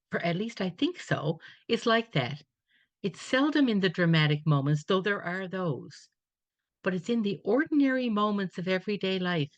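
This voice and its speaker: A woman's voice: on the low side, no echo. Woman telling a reflective faith story. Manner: reflective storytelling, quoting others in dialogue. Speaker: webinar speaker. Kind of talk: personal faith testimony. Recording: dull dry webinar audio.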